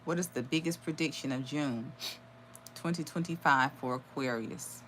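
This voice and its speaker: A woman's voice: extremely low pitch, moderate pace, fairly bright tone, slight background noise. A woman giving a live tarot reading, channeling messages aloud with sudden exclamations and blunt swearing. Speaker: tarot reader.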